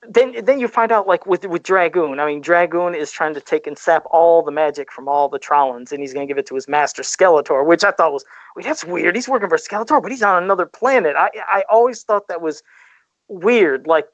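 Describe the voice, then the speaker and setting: A man hosting a podcast, recapping an episode in an animated, storytelling way. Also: fairly high pitch, normal speed, dry recording. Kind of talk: casual podcast chat. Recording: dry, dull lo-fi podcast audio.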